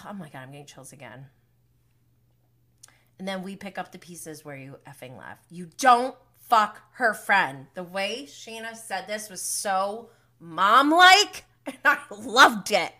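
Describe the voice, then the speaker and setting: A woman's voice: mid-range voice, very animated, slow pace, pushed and bright. A woman hosting a live TV recap, talking in an emotional, indignant way, blunt and swearing freely, sometimes close to tears. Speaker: recap show host. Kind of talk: live reality TV recap commentary.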